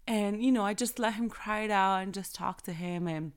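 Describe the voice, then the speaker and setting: A woman in her thirties, a mother telling an earnest, animated story about embracing moments with her kids and giving thanks. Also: medium pitch, normal speed, clean tone. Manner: animated, earnest, repeats phrases for emphasis. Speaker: mother sharing faith reflections. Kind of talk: casual inspirational storytelling.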